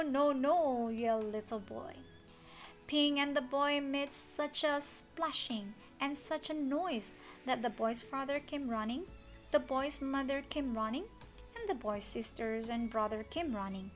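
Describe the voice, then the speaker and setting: A woman reading a children's story aloud, expressive with dramatic gasps. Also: high-pitched. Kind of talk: children's read-along story.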